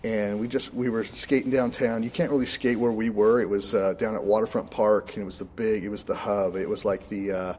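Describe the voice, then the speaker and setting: A man from Oregon, a minister and contractor, chatting casually as a guest in an interview, relaxed and rambling, often laughing. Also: lowish voice, fairly quick, few pauses, slight background noise. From Oregon, United States.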